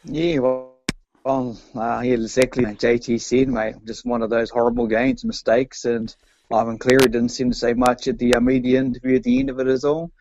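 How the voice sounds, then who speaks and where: Co-host: gravelly New Zealand man, relaxed, muffled lo-fi sound. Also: medium pitch, moderate pace, background noise. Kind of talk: casual sports chat. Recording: dull lo-fi sound.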